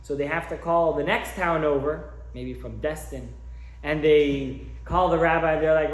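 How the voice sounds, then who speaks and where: A man's voice: fairly high pitch, fairly even intonation, moderate pace. A man teaching a class as a rabbi, lecturing and telling stories as he acts out the characters. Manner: warm storyteller who acts out his characters. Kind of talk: lecture with storytelling. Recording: roomy echo.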